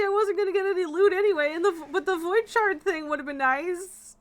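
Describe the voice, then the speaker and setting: A woman's voice: very high voice, a little fast, hardly any pauses. A young woman streaming a game, ranting in exasperation and laughing between swears. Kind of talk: casual live-stream rant while gaming.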